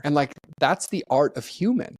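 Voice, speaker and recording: A man's voice: fairly high pitch, lively intonation, moderate pace, no room sound. Earnest man telling heartfelt stories. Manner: earnest, heartfelt, acts out the people in his stories; peppers speech with "like". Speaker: podcast guest. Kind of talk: candid conversational storytelling.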